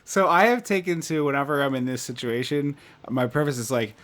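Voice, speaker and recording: A man's voice: medium pitch, fairly quick, a bit bright. A man co-hosting a podcast about eighties movies, chatting casually and laughing often. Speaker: podcast co-host. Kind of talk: casual chat.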